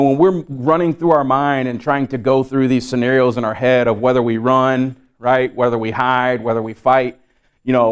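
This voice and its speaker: A man giving a live safety training to a room of trainees, talking in a loose, conversational way full of fillers and repeated words. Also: mid-range voice.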